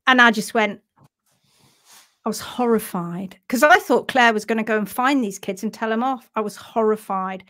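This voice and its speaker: Woman, live stream host, animated, self-mocking, laughs a lot, fairly high voice. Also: moderate pace. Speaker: host of a live horse-care session. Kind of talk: casual live storytelling.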